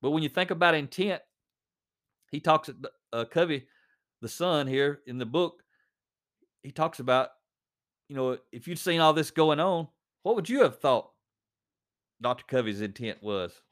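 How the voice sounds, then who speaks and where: A man's voice: on the high side, expressive, measured pace, long pauses, fairly bright tone. A man reading a story aloud, then commenting on it conversationally with fillers. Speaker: reader and commentator.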